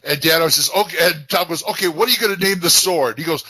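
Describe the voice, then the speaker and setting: A man's voice: fairly high pitch, quick pace, pushed and bright, slightly rough, no room sound. A man in a casual chat, rambling through a funny story about his friends with restarts and laughs. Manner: rambling, laughing anecdote-teller.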